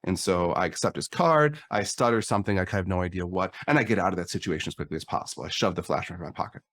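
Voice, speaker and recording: A man's voice: low-pitched, animated, quick pace, fairly bright tone, dry recording. A middle-aged man on a podcast, candidly telling a personal story and acting out the dialogue. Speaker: podcast guest.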